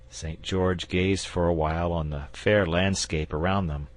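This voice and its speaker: A man narrating an audiobook in a measured, unhurried storytelling manner. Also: deep voice, steady tone, no room sound. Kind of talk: scripted narration.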